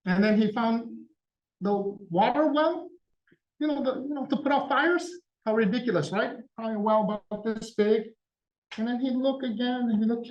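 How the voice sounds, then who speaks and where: A man's voice: extremely high pitch, moderate pace, darkish tone, recorded from a distance. Man telling a story, a bit off mic. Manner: conversational storytelling, acting out quoted dialogue with his father. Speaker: guest speaker. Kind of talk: public talk to an audience. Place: event hall. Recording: dull sound, speaker somewhat off mic.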